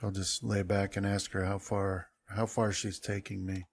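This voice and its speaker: Low-voiced easygoing man, game player. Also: little pitch movement, moderate pace. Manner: brief, easygoing replies. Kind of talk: tabletop game play.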